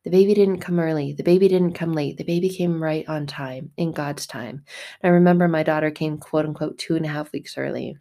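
A woman's voice: low voice, steady tone, a little fast, mellow. A woman giving a casual spiritual monologue, speaking emphatically and bluntly, with repetitive phrasing. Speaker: faith vlogger.

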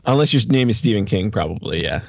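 A man hosting a casual interview, asking questions in a relaxed way with joking asides. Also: fairly low pitch, fast, vocal fry, dry recording. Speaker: host.

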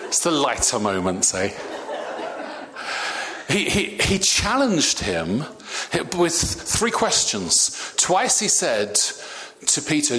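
A man preaching a sermon, animated, with many stammered restarts. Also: on the high side, slow, pauses often.

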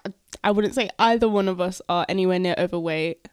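A woman's voice: fairly low pitch, fast, clear, resonant tone, no echo, clean studio sound. A young woman co-hosting a podcast, congested from a cold, blunt and jokey in casual chat. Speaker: podcast co-host.

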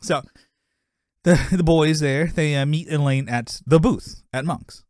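A man's voice: on the high side, measured pace, darkish tone, dry recording, studio quality. Rambling man recapping a sitcom episode. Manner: rambling, heavy on "you know" fillers, laughs often. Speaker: podcast co-host. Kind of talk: casual recap chat.

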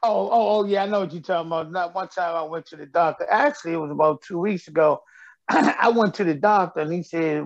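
A man's voice: a little high, fairly quick, dry recording, highs cut off. A middle-aged man, a comedian guest telling stories with frequent laughs. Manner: laughs often, loose storytelling delivery. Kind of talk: joking radio interview chat.

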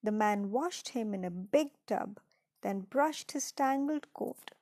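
Slow gravelly woman reading a story. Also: medium pitch, animated, a little mellow, no room sound. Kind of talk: children's story read aloud.

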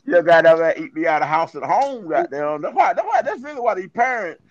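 A high-voiced man tells a rowdy, profane story on a podcast, looping back over his own words as he goes. The sound is dull and lo-fi. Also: fairly quick, a crowd in the background. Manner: animated, profane storytelling with lots of repeats. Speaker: podcast host. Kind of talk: casual storytelling chat.

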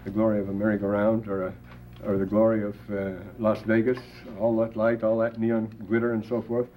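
A man's voice: fairly low pitch, completely flat delivery, a little fast. An older man giving a classroom lecture, digressing with asides and rhetorical questions and quoting scripture with rising emphasis. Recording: dull lo-fi classroom tape with faint hiss.

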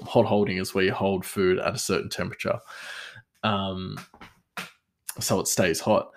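A man's voice: fairly low pitch, steady tone, unhurried, creaky, pauses often. A young man casually telling a story from his kitchen job, laughing often and acting out the people he quotes. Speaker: cook telling a work story.

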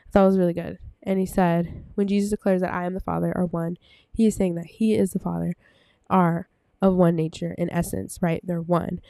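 A woman's voice: lowish voice, level tone, a little fast, gravelly, mellow, dry recording. A woman giving a casual Bible talk, rambling with many fillers and self-corrections, a little out of breath. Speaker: bible teacher. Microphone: desk microphone.

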